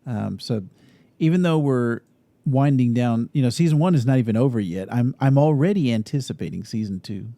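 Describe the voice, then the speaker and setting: Man, podcast co-host, gravelly, mellow, dry close sound, relaxed, steady storytelling. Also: medium pitch, brisk, no room sound. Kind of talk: casual chat.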